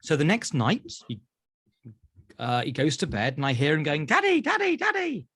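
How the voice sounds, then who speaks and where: A British man, a therapist, telling animated stories in an interview and acting out voices. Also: medium pitch, normal speed, breathy edge, no echo, studio quality. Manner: acts out voices in anecdotes. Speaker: therapist guest.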